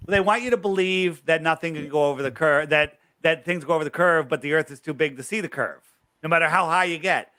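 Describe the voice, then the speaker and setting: A man guest tells a story with force and bright energy, tossing in quick asides. He acts out what other people told him, and his voice sits a little on the high side for a man. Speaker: guest researcher. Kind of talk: animated storytelling interview.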